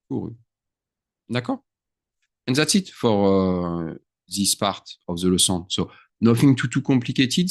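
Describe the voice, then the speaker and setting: A man, his voice pitched very low, teaches a grammar lesson in a loose, chatty way. He thinks out loud and drops words into his English. The sound is dry and close, with no room echo. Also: vocal fry. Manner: chatty, thinks aloud, mixes French into English. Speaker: French teacher. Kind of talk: screen-share grammar lesson.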